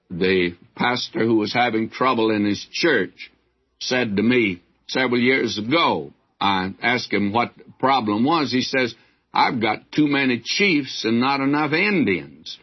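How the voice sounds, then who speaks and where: A man preaches verse by verse at an unhurried, slow pace, stopping for folksy asides. His voice is a little husky. The old recording sounds dull and lo-fi. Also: medium pitch. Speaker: Bible teacher. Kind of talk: sermon.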